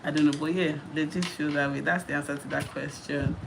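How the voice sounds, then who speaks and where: A woman's voice: low-pitched, steady tone, fairly quick, gravelly. A Nigerian woman in her thirties chatting casually while answering viewer questions on a live stream, laughing often and repeating herself. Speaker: YouTuber hosting a live Q&A. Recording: noisy live-stream audio.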